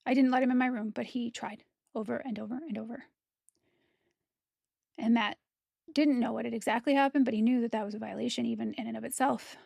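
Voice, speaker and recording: A woman's voice: fairly high pitch, steady tone, fairly quick, vocal fry, long pauses, darkish tone, no echo, studio quality. A woman content creator giving a personal testimony straight to camera, blunt, heated and profane.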